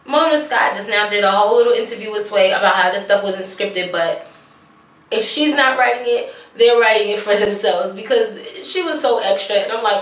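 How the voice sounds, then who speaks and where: A woman casually recapping a TV episode, sassy and animated, putting on mocking voices for the people she quotes. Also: medium pitch, moderate pace, far from the mic. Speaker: vlogger recapping a TV show. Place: small bathroom at home. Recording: echoey bathroom, voice off-mic.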